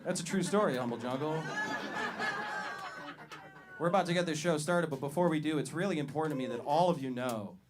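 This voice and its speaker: A young man doing a stand-up set as the comedy show host, talking in a conversational, deadpan way on a handheld mic in a live venue. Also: a little high, a little fast, long pauses, noisy background. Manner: conversational, deadpan delivery with loud hype-up. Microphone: handheld stage mic. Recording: live crowd audible. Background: audience laughter.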